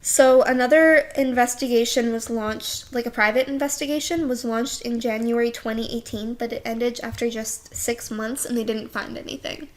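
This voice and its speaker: A woman's voice: on the high side, fairly even intonation, normal speed, few pauses, rough recording. A woman co-hosting a podcast in casual chat, reacting expressively and summarizing events. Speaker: podcast co-host.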